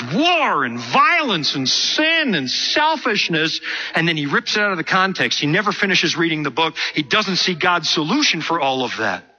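A man preaching a sermon, telling stories with lively acted-out quotes. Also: high voice, slightly rough. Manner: animated, storytelling with acted quotes. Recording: muffled lo-fi sermon recording.

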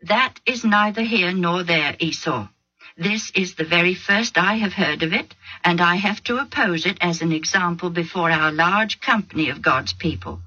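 A woman voicing an old, nearly blind father who speaks slowly and solemnly in a lowered voice. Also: pushed and bright, slightly rough, muffled recording. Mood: stern.

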